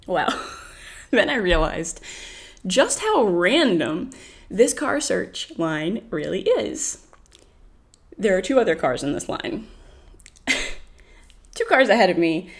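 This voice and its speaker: An American woman telling a travel story on a podcast in a casual, animated way, laughing often and acting out the people she quotes. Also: lowish voice.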